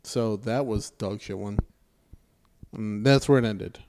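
A man's voice: on the low side, takes it slowly, a little mellow. A man in casual, profane chat, retelling a movie and acting out the characters' lines with sarcasm. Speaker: podcast co-host reviewing a movie.

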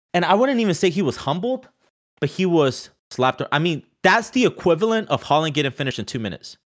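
Animated man in casual sports chat. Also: mid-range voice. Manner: animated, restarts often, many "like" fillers.

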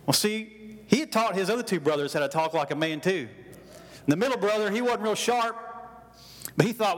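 A man's voice: high voice, lively intonation, moderate pace, pauses often. A man preaching a sermon with folksy storytelling, calling out to his congregation for responses. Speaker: pastor. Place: church hall. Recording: long hall reverb.

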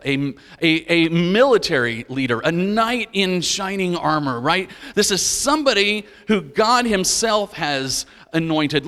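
A man's voice: sits high, a bit bright, in a large hall. A man preaching a sermon, reading scripture aloud and explaining it with questions to his listeners.

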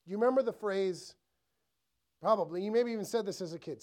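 A man preaching from the pulpit in a relaxed, chatty way. He keeps checking in with the congregation through rhetorical questions and slips into quick acted voices for the thoughts he describes. The sound is of a church sermon. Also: high-pitched. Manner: conversational, asks the room rhetorical questions; acts out inner thoughts in quoted voices. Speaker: pastor.

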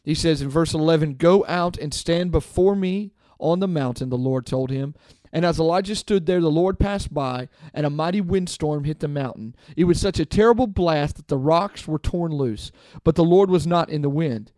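A man's voice: fairly high pitch, normal speed, a little mellow, dry recording, studio quality. Casual man leading a podcast Bible study. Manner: casual and conversational, often adding "okay?". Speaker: podcast host and Bible teacher. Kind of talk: devotional Bible talk.

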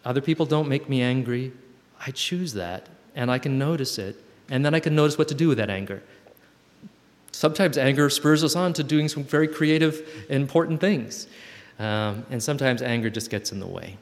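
A man's voice: medium pitch, expressive, normal speed. A man talking reflectively to a group, thoughtful and searching for words as he goes. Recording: long hall reverb.

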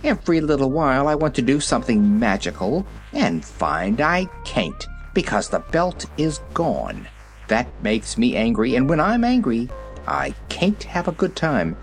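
Guy putting on an angry old gnome king from a storybook, shouty and bossy, voice swinging all over. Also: mid-range voice, huge pitch swings, unhurried, soft background music. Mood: grumbling. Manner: shouting, roaring commands.

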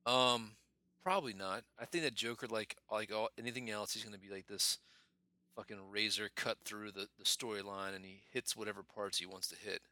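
A man's voice: fairly low pitch, fairly even intonation, fairly quick, sharp tone, dry recording. A man co-hosting a podcast in casual movie chat, rambling loosely and swearing in passing. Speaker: podcast co-host.

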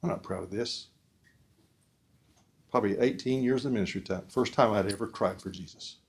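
A man's voice: on the low side, moderate pace. Earnest man preaching with call-and-response. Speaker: speaker at a discipleship forum. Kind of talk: preaching talk.

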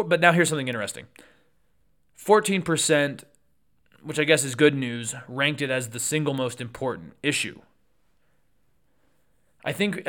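A man hosting a solo political podcast, talking through the news conversationally with quick asides and self-corrections. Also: mid-range voice, fairly bright tone, clean tone.

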